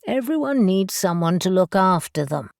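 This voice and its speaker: Woman reading a motherly older secretary, fussing, gentle, dry sound. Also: medium pitch, big pitch swings, normal speed, gravelly, dry recording.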